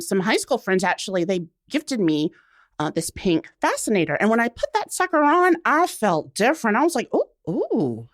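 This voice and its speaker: A woman's voice: medium pitch, no echo, clean studio sound. Woman in her 40s, chatty guest, acts out quotes, voice swings up and down. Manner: expressive storyteller, acts out quotes, laughs often. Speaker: guest, writer. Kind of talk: casual interview.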